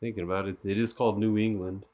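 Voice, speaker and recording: A man's voice: lowish voice, little pitch movement, fast, a little mellow. A man chatting casually about actors and accents, rambling with fillers, swearing and laughing often. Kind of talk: casual chat.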